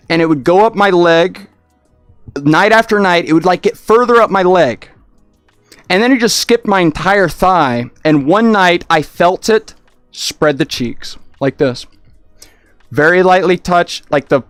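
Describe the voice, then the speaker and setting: A man chatting casually on a livestream, rambling and excitable, often restarting his sentences. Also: high voice, no room sound.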